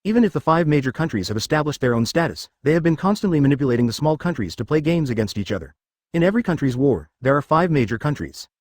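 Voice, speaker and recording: A man narrating a fan-fiction story in a steady scripted reading. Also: fairly high pitch, quick pace, no echo, clean studio sound.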